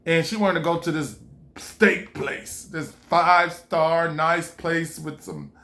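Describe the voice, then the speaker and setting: A man's voice: fairly high pitch, animated, slow, bright, forceful tone. A man casually telling a personal story, rambling and repeating himself while he quotes his own thoughts. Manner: rambling, repetitive, quoting himself. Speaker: vlogger.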